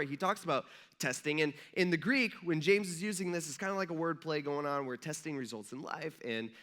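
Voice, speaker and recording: A male pastor preaches with a high voice. His energetic, conversational delivery keeps checking in with the congregation, and his tone is bright. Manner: conversational, energetic, asks the audience questions. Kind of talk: sermon.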